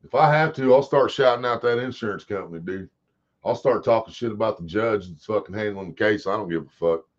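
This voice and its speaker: Speaking a little fast in a lowish voice, this man hosts a casual livestream and rambles to his chat with plenty of swearing. His audio has a dull, lo-fi stream quality.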